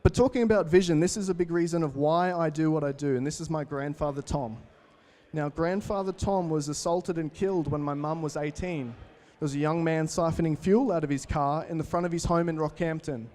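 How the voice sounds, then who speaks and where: An Australian man in his twenties delivers a motivational talk on stage. His voice sits a little higher than most men's. He tells stories with energy and speaks straight to the room. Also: a little fast. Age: 20s. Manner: energetic, storytelling, addresses the crowd directly. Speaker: keynote speaker. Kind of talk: motivational talk to a live audience.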